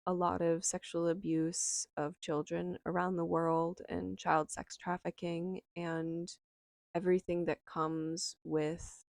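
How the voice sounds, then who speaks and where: A young woman slowly and softly telling a personal memoir, reflective and unhurried, with lingering pauses. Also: lowish voice, level tone, creaky, no room sound, studio quality. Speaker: storyteller.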